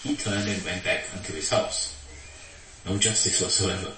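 Male preacher, animated sermon delivery, bright tone, recorded far off in a reverberant hall. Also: normal speed, slight background noise. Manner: animated, acts out quotes with raised pitch.

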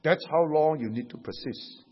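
A Singaporean pastor preaching a sermon, telling stories in an animated way and tagging his sentences with "huh?" and "you know". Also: a little high, moderate pace, breathy edge. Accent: Singaporean English. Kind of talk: sermon with anecdotes. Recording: dull echoey hall recording.

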